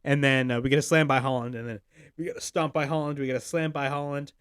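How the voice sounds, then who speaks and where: A man's voice: medium pitch, fast, clean tone, no echo, studio quality. A young man hosting a wrestling podcast, ranting heatedly about a show and swearing often. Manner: animated, swearing, heated rant.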